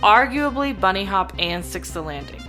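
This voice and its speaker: A woman's voice: mid-range voice, lively intonation, normal speed, sharp tone, faint music behind. A woman playing a tabletop role-playing game, chatting casually with the game master about her character's moves. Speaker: player.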